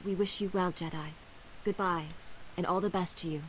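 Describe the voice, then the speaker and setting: A woman's voice: fairly low pitch, fairly even intonation, moderate pace, slight background noise, natural voice, low-quality recording. A woman voicing an earnest, grateful game mother. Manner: earnest, solemn thanks. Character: grateful mother of a rescued son. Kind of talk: video game dialogue.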